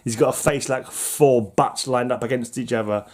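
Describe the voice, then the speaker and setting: Guy rambling about his comic pile, keeps giggling at his own jokes, average pitch. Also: steady tone, moderate pace, a little mellow. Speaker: comic book collector vlogger. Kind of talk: casual chat.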